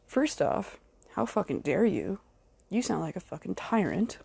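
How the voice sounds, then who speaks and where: Woman, podcast host, solo rant, angry, swears a lot, gravelly, husky, dry close sound. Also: medium pitch, big pitch swings, unhurried, dark tone, dry recording. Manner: angry and profane, swearing heavily; blunt, speaks directly to her critics.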